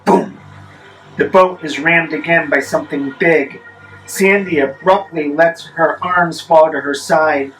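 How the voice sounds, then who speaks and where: A man telling a spooky story in the first person, measured, with wry deadpan asides. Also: fairly high pitch, soft background music, poor audio.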